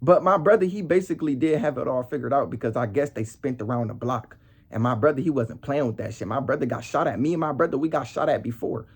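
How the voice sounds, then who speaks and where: Young male vlogger, husky voice, heated slang-heavy rant. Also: medium pitch, quick pace. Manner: heated street slang, repeats "bro" and "nigga". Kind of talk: casual storytelling rant.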